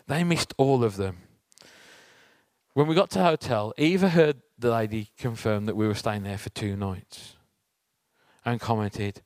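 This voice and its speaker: A man's voice: mid-range voice, animated, normal speed, darkish tone, no room sound. Guy preaching, chatty storytelling, asks the crowd questions, dry close sound. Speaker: church speaker. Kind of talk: conversational sermon with personal story.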